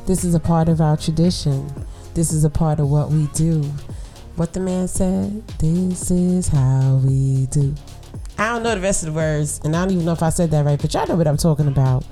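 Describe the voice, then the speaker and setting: A mother hosting a podcast, talking straight to her listeners in a lively, encouraging way. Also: low-pitched, moderate pace, faint music behind. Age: adult with children. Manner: animated, talks straight to listeners with lots of "okay?" and "girl". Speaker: podcast host. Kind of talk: casual encouraging monologue.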